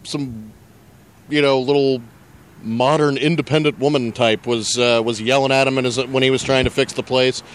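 A man's voice: mid-range voice, fairly even intonation, moderate pace, clean tone. A man in casual chat, giving dry, frank opinions.

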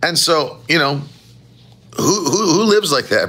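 A man preaching a sermon as pastor, with animated, emphatic rising phrases and a gravelly voice. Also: fairly high pitch, slow pace.

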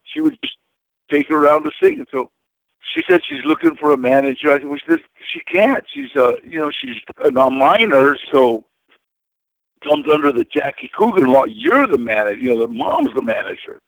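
A man's voice: fairly high pitch, sing-song, normal speed, creaky, dry recording, low-quality recording. A man guest in an interview, telling casual stories in a rambling way, with many repeated words and fillers.

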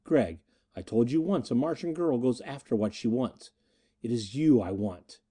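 A man's voice: mid-range voice, lively intonation, moderate pace, dark tone, husky. A man reading as a fierce scornful Martian woman. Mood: intense. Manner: stern, scornful, intense. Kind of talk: audiobook reading.

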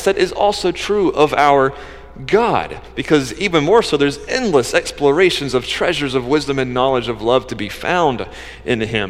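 A man preaching a sermon as pastor, conversational, swinging between emphatic lines and hushed asides. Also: on the high side, big-room sound. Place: church sanctuary.

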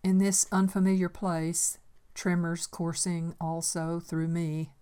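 An older woman gently reading her own memoir aloud in a reflective storytelling manner. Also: fairly low pitch, completely flat delivery, takes it slowly, clean tone.

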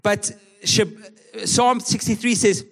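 A man from South Africa preaches to his church in a high, light voice. He talks conversationally and earnestly, stumbling and repeating words as he goes. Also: fairly even intonation, takes it slowly, gravelly. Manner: conversational, earnest, frequent restarts and stammered repeats. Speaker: pastor. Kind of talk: sermon. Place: church service.

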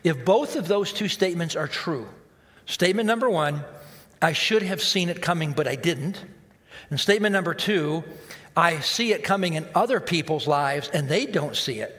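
High, bright-voiced man preaching in a hall. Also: expressive, moderate pace. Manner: conversational preaching, acts out inner voices. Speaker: pastor. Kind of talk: sermon. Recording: long hall reverb.

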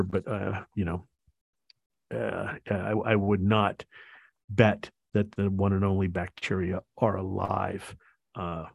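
A man co-hosting a casual podcast, talking in halting stretches with lots of fillers and restarts. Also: lowish voice, gravelly, husky, no echo, clean studio sound. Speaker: podcast co-host.

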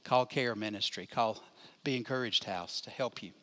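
A man's voice: mid-range voice, moderate pace, bright, forceful tone. An older man, a pastor, teaching a Bible class in a conversational way, putting questions to his listeners and answering them. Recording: long hall reverb.

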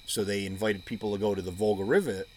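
A man's voice: fairly low pitch, steady tone, fast talker, darkish tone, a little hiss or hum. A man in casual chat, blunt and joking, swearing now and then. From United States.

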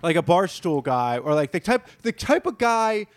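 A man's voice: high-pitched, very animated, moderate pace, dry recording, clean studio sound. A man co-hosting a podcast who talks casually, swears a lot and works himself up into rants. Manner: profane, ranting, gets worked up. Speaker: podcast co-host.

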